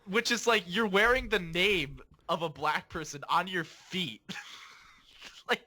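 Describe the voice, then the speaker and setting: A man's voice: sits high, measured pace, bright, forceful tone. A man in his twenties, a podcast host, telling a rambling story in casual chat, laughing often and restarting his sentences.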